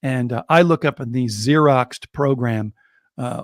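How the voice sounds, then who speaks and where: A middle-aged American man, a storyteller, telling a personal anecdote on a podcast in a lively way and chuckling as he goes. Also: medium pitch, unhurried, no echo, clean studio sound. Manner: lively, chuckling, builds excitement as he tells it.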